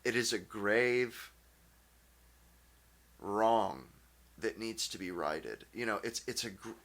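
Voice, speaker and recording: A man hosting his own channel, ranting casually in a blunt, profane way, with many halting restarts and fillers. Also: on the low side, fairly bright tone. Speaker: channel host. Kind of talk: casual opinion rant.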